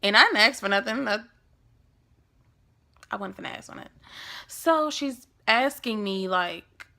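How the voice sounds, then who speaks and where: Young woman, storytime vlog, casual slang, bright voice, gravelly fry. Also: medium pitch, measured pace. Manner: animated, acts out quoted lines. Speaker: vlogger.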